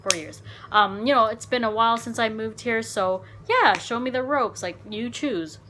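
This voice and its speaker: A woman vlogger telling a dating story in a casual, animated, frank way, swearing and saying "like" a lot. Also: fairly high pitch, moderate pace, noisy background.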